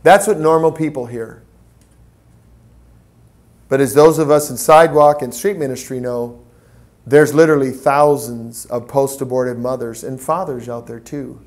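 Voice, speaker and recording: A man giving a training talk to volunteers, telling stories in a preacherly, animated way. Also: mid-range voice, normal speed. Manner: preacherly, storytelling, lively acted quotes. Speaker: pro-life petition trainer.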